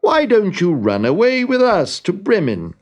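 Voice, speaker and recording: A man's voice: high voice, wildly swooping pitch, unhurried, muffled recording, pitched above the performer's own voice, full character voice. A man voicing a friendly donkey who leads the group with a cheerful, coaxing manner.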